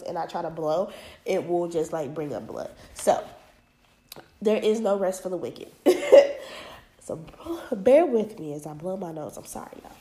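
A woman's voice: on the low side, mellow. A young woman hosting her own podcast, stuffy and congested from allergies, talking in a frank, profane way as she vents about being underpaid. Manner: frank and profane, venting about money troubles. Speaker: podcast host. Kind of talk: casual solo podcast monologue.

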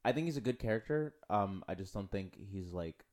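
A man's voice: on the low side, expressive, a little fast, darkish tone. A man co-hosting a podcast in casual chat, talking enthusiastically with lots of filler words. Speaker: podcast co-host.

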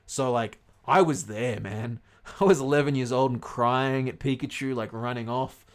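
A man's voice: medium pitch, moderate pace. Swearing man telling stories. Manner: animated, swearing, storytelling. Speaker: podcast co-host. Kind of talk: casual chat.

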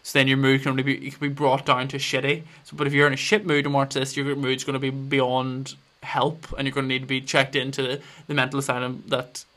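A man's voice: mid-range voice, monotone, fast, few pauses, fairly bright tone. A man hosting his own podcast, chatting casually in a rambling way, swearing freely and restarting sentences. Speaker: podcast host.

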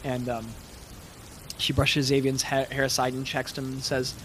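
A man's voice: mid-range voice, completely flat delivery, normal speed, fairly bright tone. Guy running a tabletop game, rambly narration, rainy noisy background. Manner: loose, chatty narration with many fillers. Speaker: game master.

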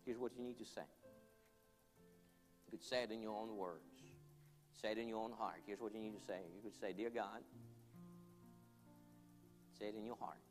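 A man preaching an altar call, earnest and pleading, leading the congregation in prayer line by line. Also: on the low side. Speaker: pastor. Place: church hall. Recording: long hall reverb, soft music behind.

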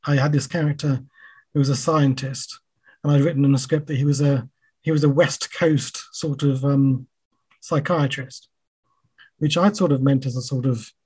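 A man's voice: medium pitch, dark tone, breathy edge. A man, a writer being interviewed, talking casually with many fillers and restarts, and taking the blame on himself. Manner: halting, frequent fillers and restarts; self-deprecating. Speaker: writer guest.

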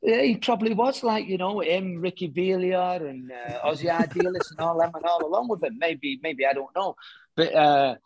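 A middle-aged man, a former footballer, chatting casually as a guest and telling lively anecdotes in which he acts out the quoted dialogue. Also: a little high, moderate pace, no echo, muffled recording. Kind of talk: casual storytelling chat.

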